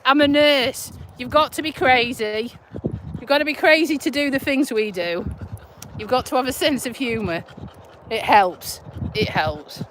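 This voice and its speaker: Slow-talking woman with a Yorkshire-Lincolnshire accent. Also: sits high, a bit bright, slight background noise. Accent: Yorkshire-Lincolnshire English. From Lincolnshire, England. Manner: chatty, laughing, broad and blunt. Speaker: vlogger, nurse. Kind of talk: casual live chat while walking a dog. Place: outdoors on a country walk.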